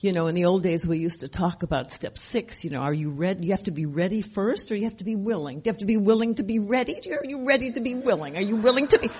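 A woman's voice: medium pitch, quick pace, hardly any pauses, a little mellow, breathy edge. An older woman sharing her recovery story at a meeting, emphatic and repetitive, often asking rhetorical questions. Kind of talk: personal testimony at a recovery meeting.

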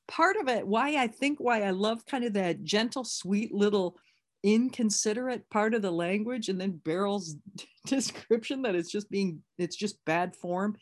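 A woman's voice: mid-range voice, unhurried. A woman leading an online recovery workshop, talking candidly and conversationally with many restarts.

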